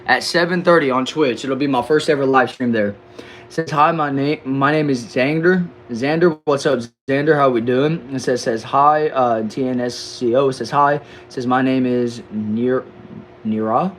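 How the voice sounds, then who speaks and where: An upbeat young man hosts a casual live stream, reading viewer comments aloud and answering them one by one. His voice sits at an ordinary middle pitch, and a faint hiss of background noise runs under it. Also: moderate pace, a bit bright. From Texas, USA.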